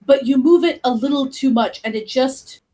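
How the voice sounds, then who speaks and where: A young woman co-hosting a podcast in casual chat, animated and swearing freely while she makes vivid comparisons. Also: high-pitched, moderate pace. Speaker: podcast co-host.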